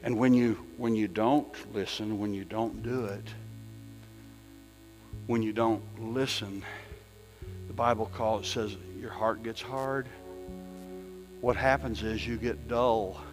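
A man preaching a sermon as pastor, folksy, repeating his phrases and swinging from loud to hushed. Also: medium pitch, steady tone, a little slow. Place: church sanctuary. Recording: long reverb in a church hall with soft music behind.

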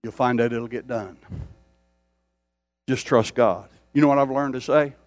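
A man's voice: mid-range voice, a little slow, no room sound. An older man preaching a sermon, repeating phrases for emphasis and building intensity as he speaks. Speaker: pastor.

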